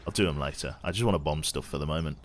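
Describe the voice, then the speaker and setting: This young man from England talks very fast in an extremely low voice, his accent distinctly posh. While streaming a game, he chats casually with viewers, pokes fun at himself, and reads their chat messages out loud.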